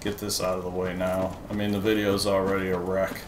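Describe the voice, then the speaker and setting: Slightly low voiced guy doing chill gameplay commentary, laughing at his own fails, noisy echoey setup. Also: completely flat delivery, fairly quick. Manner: self-deprecating, chatty, talking to viewers. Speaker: gaming channel host. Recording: echoey room with noise.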